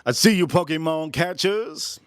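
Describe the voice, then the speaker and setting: A man in his forties hosting a livestream, rambling and joking loudly as he talks straight to his chat. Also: fairly high pitch, a little slow, smooth, no room sound, studio quality. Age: 40s. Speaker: livestream host.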